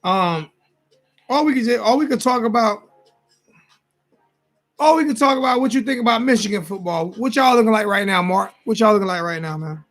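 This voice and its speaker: This forties-aged sports talk host has a high-pitched, fairly bright voice, moving briskly but pausing often. It's a casual late-night livestream, and he's tired, rambling and repeating himself to his chat over soft background music.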